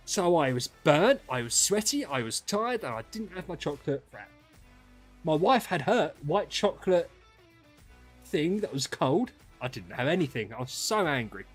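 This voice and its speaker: A British man in his thirties tells a stream story in a lively, exasperated rant. His voice sits on the higher side, with a slightly husky edge, and a little music plays faintly behind him. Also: moderate pace. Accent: British English. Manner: animated, swearing, exasperated. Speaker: gaming streamer.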